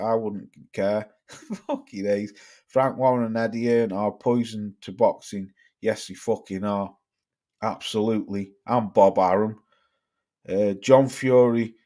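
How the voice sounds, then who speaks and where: At home in the Midlands, a man from northern England with a northern accent hosts a casual livestream, reading viewer comments aloud while swearing and laughing a lot. His voice is mid-range and mellow.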